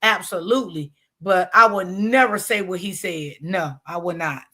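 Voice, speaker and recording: Bright-voiced older woman making emphatic points. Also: lowish voice, moderate pace, breathy edge. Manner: emphatic, repeats her points. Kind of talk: casual reaction commentary.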